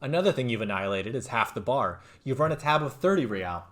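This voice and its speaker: A man's voice: mid-range voice, big pitch swings, fast, a bit bright. A man reading out a sarcastic, exasperated hostel manager in a video game. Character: sarcastic male hostel manager, middle-aged.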